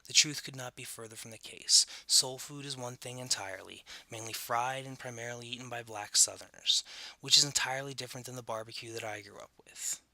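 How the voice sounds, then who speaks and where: Southern-born guy reading his doc narration, gravelly edge, super bright and dry. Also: mid-range voice, brisk, no echo. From Southern United States. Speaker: documentary narrator. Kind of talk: scripted personal narration.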